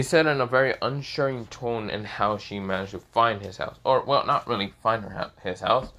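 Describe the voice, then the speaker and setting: A man's voice: fairly low pitch, normal speed, gravelly, hardly any pauses, pushed and bright. Rambling man narrating a fan story. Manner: rambling, hesitant, many fillers.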